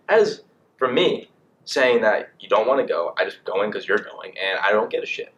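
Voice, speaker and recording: A young man in college vlogging casually, rambling and animated with lots of fillers. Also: fairly low pitch, brisk, a little hiss or hum. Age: young adult. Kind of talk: casual monologue to camera.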